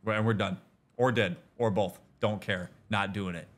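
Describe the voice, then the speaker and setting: A man voicing a gruff, weary war god and father who shrugs off all fighting, in a low, flat, dismissive mutter. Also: fairly quick, lightly acted.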